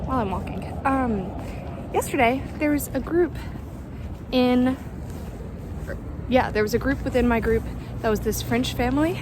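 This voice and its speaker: A young woman rambling casually as a travel vlogger while walking outdoors by a rocky shore. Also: high voice. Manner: chatty and rambling, lots of fillers and asides. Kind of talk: casual vlog chat. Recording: outdoor recording with clear wave and wind noise.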